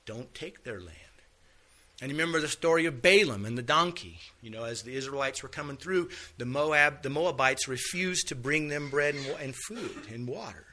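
A man's voice: mid-range voice, expressive, a little fast, few pauses, pushed and bright. A man teaching a Bible lesson, retelling stories in a folksy, conversational way and casually acting out the characters' lines. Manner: folksy storytelling, acts out quotes casually.

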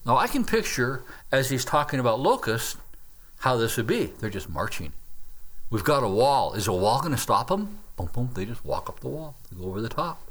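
A man, preaching a sermon and teaching through scripture with animated, dramatic storytelling. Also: medium pitch, moderate pace. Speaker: pastor.

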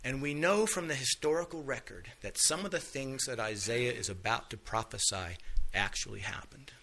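A man leads a Bible lesson, retelling scripture stories in a casual, folksy way and tossing off the characters' lines in plain speech. His voice is very bright and his pitch sits in the middle of a man's range. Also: moderate pace, vocal fry. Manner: folksy storytelling, acts out quotes casually. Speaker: Bible teacher.

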